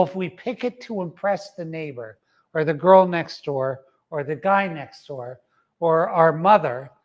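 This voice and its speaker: A middle-aged man delivers a motivational talk in a fairly high voice. He speaks emphatically, repeats key phrases for weight and punctuates his points with a quiet "uh-huh".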